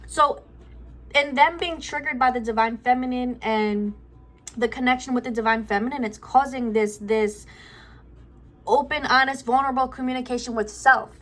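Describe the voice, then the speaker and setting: A woman's voice: high voice, moderate pace, a bit bright. A woman giving a spiritual love reading at home, channeling aloud in a rambling way, often repeating herself and searching for words. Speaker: tarot card reader.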